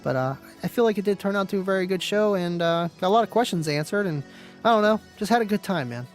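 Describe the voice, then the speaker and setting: A man's voice: high voice, animated, fast talker, faint music behind. A man hosting a live stream, chatting casually with viewers, laid-back and chatty, laughing often and calling people "man" and "dude".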